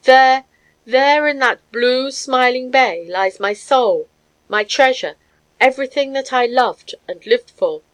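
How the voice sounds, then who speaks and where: A woman's voice: a little high, animated, moderate pace, close to an everyday voice, rough recording. A woman voicing a tall, passionate Russian man who pleads and threatens with fervor in a storybook reading. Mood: despairing. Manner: pleading, fervent.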